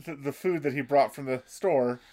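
A man's voice: mid-range voice, moderate pace, a little mellow. A man in casual chat, recapping an episode for a co-host, laughing often and restarting his sentences. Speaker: podcast co-host.

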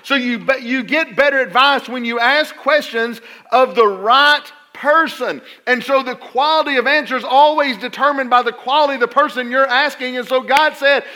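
Preacher guy, middle-aged, high bright voice, funny stories, gets loud then drops quiet. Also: normal speed, hardly any pauses. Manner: storytelling, swings between loud emphasis and quiet asides. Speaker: pastor. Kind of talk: sermon with humorous stories.

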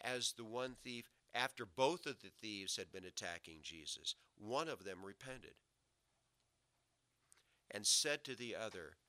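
A man preaching a sermon, swinging from loud emphatic lines to low quiet asides. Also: lively intonation, unhurried, no echo. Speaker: pastor.

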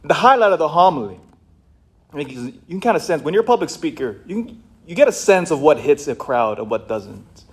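Man, priest, sermon, passionate, shouts then hushes, husky voice, fairly high pitch. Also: very animated, fairly quick.

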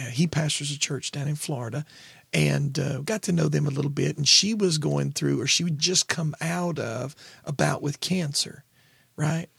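A man co-hosting a podcast in casual chat, telling family stories and jumping high in pitch when he quotes himself. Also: vocal fry, breathy edge, no echo. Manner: animated storyteller, jumps high when quoting himself. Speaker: podcast co-host, pastor.

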